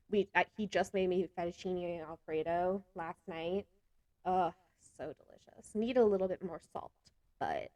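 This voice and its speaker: A woman chatting casually to camera as a vlogger, animated, gesturing a lot and laughing often between remarks. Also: on the low side, dry recording. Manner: talks with hands a lot.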